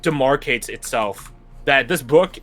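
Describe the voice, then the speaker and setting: A young man runs a tabletop game as game master, describing scenes in a loose, rambling way full of fillers and restarts. His voice sits at an ordinary middle pitch. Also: a little slow, a bit bright.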